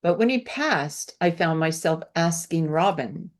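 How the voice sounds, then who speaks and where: A woman's voice: fairly low pitch, animated, a little slow. A woman interviewing a guest, reacting with enthusiastic, affirming remarks and then telling her own stories. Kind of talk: conversational interview.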